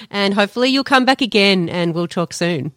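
A woman's voice: medium pitch, animated, normal speed, background noise. A woman hosting a podcast, thanking her guest as she wraps up the interview. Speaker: podcast host. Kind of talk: casual interview wrap-up.

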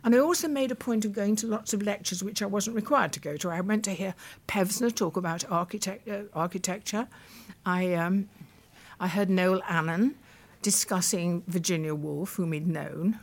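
In a mid-range voice at normal speed, a veteran broadcaster from the United Kingdom, now in her eighties, tells stories from her past during an interview. She's thoughtful, frequently restarting sentences and recalling people's words directly.

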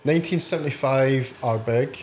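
A man's voice: mid-range voice, moderate pace, a little mellow. A Scottish man with a mid-range voice speaks as a podcast guest in short, understated remarks. He talks in a pub back room, with a faint hum of ambience behind him. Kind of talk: casual conversation.

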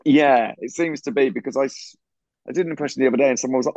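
A podcast co-host talks very fast in a mid-range, darkish voice, rambling and laughing often during a casual video-call chat from a bed in an echoey hotel room. The recording itself has no echo but sounds muffled.

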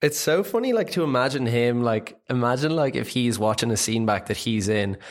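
A man's voice: mid-range voice, expressive, brisk. A man co-hosting a film podcast, talking loosely with lots of "like" and swearing. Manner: loose, swearing, filler-heavy. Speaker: podcast co-host. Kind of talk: casual film chat.

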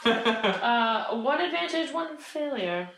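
A woman's voice: on the high side, expressive, takes it slowly, gravelly, a bit bright. A woman playing in a tabletop game, giggly and playful. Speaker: player. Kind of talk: casual tabletop play. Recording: echoey room, mic at a distance, noise.

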